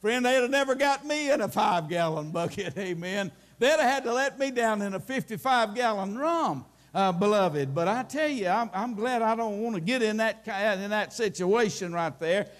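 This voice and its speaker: A man's voice: sits high, lively intonation, unhurried, hardly any pauses. A man, preaching a folksy sermon and quoting scripture. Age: late 60s. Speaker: pastor.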